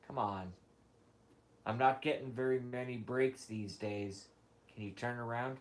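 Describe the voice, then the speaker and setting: A man's voice: medium pitch, slow, pauses often. A tired man who has been up all night, chatting casually and profanely on a live stream, rambling and talking to his cat and viewers.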